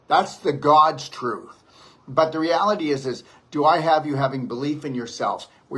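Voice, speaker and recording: A man's voice: medium pitch, fairly bright tone, slightly rough. A man, a detox practitioner, giving an impassioned, preachy monologue to camera and repeating his stock phrases. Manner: emphatic and preachy, repeats "the reality is". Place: home near a beach.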